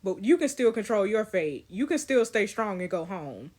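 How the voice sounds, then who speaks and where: A woman voicing a solemn, scarred young woman in a story game, speaking calmly and gravely. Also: mid-range voice, normal speed. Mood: somber.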